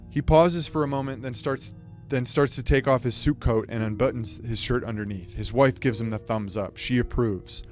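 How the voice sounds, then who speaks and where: This is a man giving an absurd, rambling comic speech, delivered dryly and deadpan. He stumbles and breaks off for quick asides. Faint music plays behind him. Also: mid-range voice. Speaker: speech contestant. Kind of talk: surreal comic monologue.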